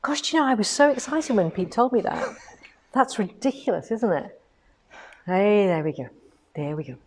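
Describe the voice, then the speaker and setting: A woman's voice: medium pitch, lively intonation, moderate pace, a little mellow, slight background noise. A woman co-hosting a livestream, talking casually and enthusiastically while demonstrating a machine. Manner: chatty, enthusiastic, rhetorical asides. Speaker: co-host of a quilting shop livestream. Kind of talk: casual livestream chat and product demo.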